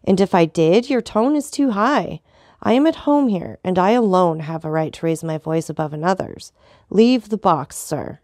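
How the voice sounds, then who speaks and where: A woman voicing a calm, commanding aristocratic man who stays coldly polite. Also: lowish voice, no room sound, studio quality. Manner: calm, measured, dignified.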